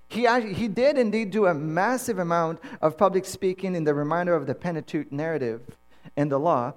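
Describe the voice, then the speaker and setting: Guy pastor giving a sermon, kinda high voice, acts out his stories. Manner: animated storyteller acting out dialogue. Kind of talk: sermon with personal storytelling.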